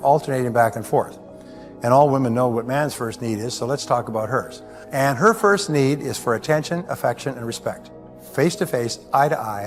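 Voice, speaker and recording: A man gives a motivational seminar talk and tells anecdotes in a conversational, lecturing way. His pitch is mid-range. Faint music plays behind him. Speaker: motivational speaker.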